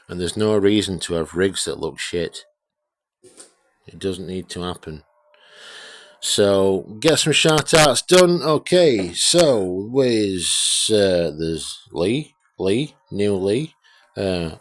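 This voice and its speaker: A man talks through his radio restoration at his own unhurried pace, his voice sitting very low. He rambles, swears and pokes fun at himself while calling out names to viewers. The sound is close and dry. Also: dry recording. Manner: rambling, sweary, self-deprecating. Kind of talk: casual workshop vlog talk with shout-outs.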